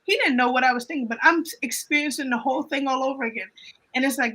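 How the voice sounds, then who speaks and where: A woman telling an emotional personal faith story in a casual panel chat, animated and often repeating her phrases. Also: high voice, quick pace, poor audio. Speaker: guest on a livestream panel.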